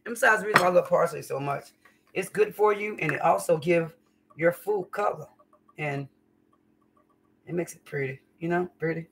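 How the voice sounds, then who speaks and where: A woman's voice: on the low side, moderate pace, vocal fry, long pauses, far from the mic, a little hiss or hum. A woman chatting folksily to viewers during a live cooking stream in her home kitchen. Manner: folksy, chatty, calls viewers y'all and honey. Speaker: home cook livestreamer. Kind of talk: casual live cooking chat.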